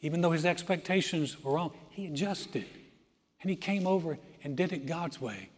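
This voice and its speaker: A pastor preaching a sermon as an animated storyteller, often throwing in "man" and swinging from loud to quiet. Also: on the high side, normal speed, a little hiss or hum. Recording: long hall reverb.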